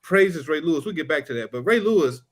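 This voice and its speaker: Animated man telling courtroom stories. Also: fairly high pitch, quick pace. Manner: animated, acts out courtroom exchanges. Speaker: podcast co-host; trial lawyer. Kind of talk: casual storytelling chat.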